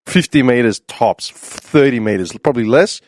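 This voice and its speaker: Australian man, young adult, casual storytelling, animated, laughs a lot, dry close sound. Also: medium pitch, normal speed, dry recording. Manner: animated, acts out quoted voices loudly, laughs often. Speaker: podcast panelist.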